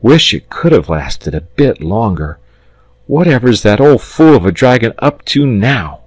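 A man's voice: lowish voice, a little slow, dry recording, pitched above the performer's own voice. A man voicing an eager, impatient young boy watching a staged fight in a storybook reading. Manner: impatient, excitable.

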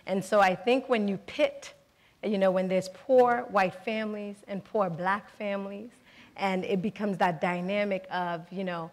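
A woman's voice: mid-range voice, steady tone. A woman, a state senator earnestly telling personal stories in a panel discussion. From Boston, Massachusetts. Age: 40s. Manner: earnest storytelling, brisk. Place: public forum hall. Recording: echoey hall.

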